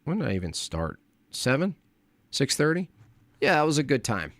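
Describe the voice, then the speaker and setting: A man's voice: mid-range voice, sing-song, moderate pace, a bit bright, no echo. Profane rambling male livestreamer. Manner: rambling, profane, trailing off into mutters. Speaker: livestream host. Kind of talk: late-night livestream rant.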